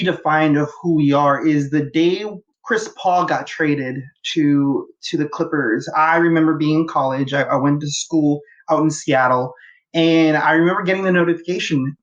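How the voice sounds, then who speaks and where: A man from Los Angeles in his thirties talks as a podcast guest, eager and rambling, often restarting his sentences. His voice sits a little high. The audio is dull and lo-fi. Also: fairly bright tone. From Los Angeles, USA. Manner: enthusiastic, rambling, frequent fillers and restarts. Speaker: guest, fan. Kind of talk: casual podcast interview.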